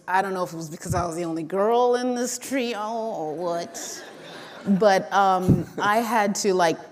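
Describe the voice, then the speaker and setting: Laughing woman panelist in a hall. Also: on the low side. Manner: laughing, animated, conversational. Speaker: panelist, series co-creator. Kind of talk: casual panel talk. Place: large hall. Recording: live hall with long reverb.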